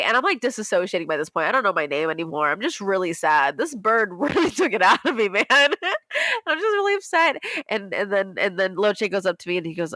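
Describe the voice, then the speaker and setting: A young woman co-hosting a podcast, telling a story in casual chat, animated, laughing often and acting out quotes in high voices. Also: a little fast, no echo. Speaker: podcast co-host.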